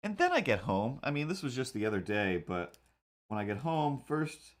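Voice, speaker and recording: A man's voice: mid-range voice, sing-song, normal speed. A man in casual talk, drawing on a live stream and telling a long personal story with many fillers and restarts. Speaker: webcomic artist streaming.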